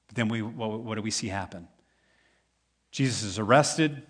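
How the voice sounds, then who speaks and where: A man from Tennessee, a pastor preaching a sermon in an animated, joking storytelling manner. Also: lowish voice, moderate pace, breathy edge.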